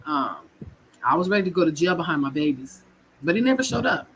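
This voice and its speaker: A woman's voice: low voice, expressive, quick pace, fairly bright tone, slight background noise, poor audio. A woman from California telling her own story in a raw, frank, emotional way, swearing and repeating her words. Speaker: guest sharing her story. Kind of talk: personal storytelling.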